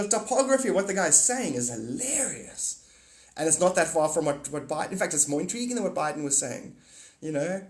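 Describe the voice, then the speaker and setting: A man ranting casually on a livestream, rambling and profane, swinging from mutters to excited outbursts. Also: on the high side, a little fast. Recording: echoey room.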